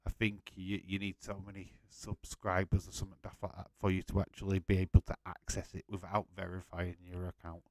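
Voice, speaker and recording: A man's voice: deep voice, monotone, a little fast, few pauses, no room sound. A man hosting a casual live-stream watch-along, chatting to viewers by name, laughing often and swearing freely.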